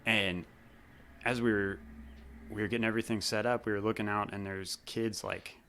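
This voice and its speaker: Deep, bright-toned man reminiscing casually. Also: level tone, moderate pace, a little hiss or hum. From Missouri. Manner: rambling, laid-back storytelling with fillers. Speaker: guest, former drummer. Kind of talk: casual interview chat.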